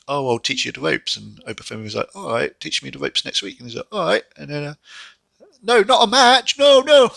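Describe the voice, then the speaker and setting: A man talks through a wrestling show in a loose, rambling rant, sighing and breaking into shrill mocking impressions. His voice is very bright and forward, recorded close and completely dry. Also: dry recording. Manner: rambling, exasperated, jumps into high mock voices. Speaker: wrestling reviewer. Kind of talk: casual solo review.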